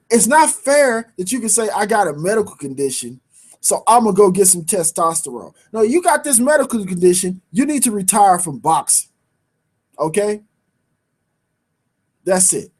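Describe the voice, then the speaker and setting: A man's voice: very high-pitched, darkish tone. A man hosting a sports talk show, bantering in casual street slang and repeating his points for emphasis. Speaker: sports radio host.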